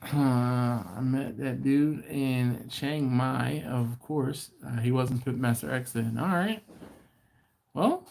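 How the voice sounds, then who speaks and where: A man's voice: medium pitch, takes it slowly, creaky, a little mellow. A man hosting a casual livestream, chatting and rambling, often laughing and restarting his sentences. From not from Baltimore. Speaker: livestream host. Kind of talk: casual live-stream chat.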